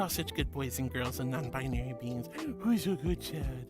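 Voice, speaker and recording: This VTuber streamer's voice is very deep, and she talks at a normal speed with few pauses. Bubbly and full of giggles, she chats casually on her livestream and reads the chat aloud over background music.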